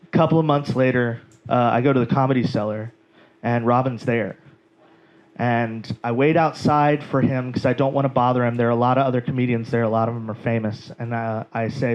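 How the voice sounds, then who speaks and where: Brief: male comic, club set, animated rambling storyteller, muffled low-fi audio. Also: quick pace. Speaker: stand-up comedian. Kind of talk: stand-up storytelling. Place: comedy club stage.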